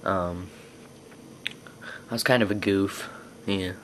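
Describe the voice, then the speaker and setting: A young vlogger rambles through personal stories to the camera, full of fillers and false starts. His voice is deep and steady, and he speaks slowly. There's a faint hiss or hum in the background.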